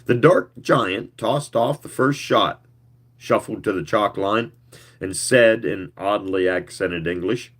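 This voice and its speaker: A man gives a live reading of a story. His voice sits on the low side, and he takes his time. He narrates in a slow, measured storytelling manner. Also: husky. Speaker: reader.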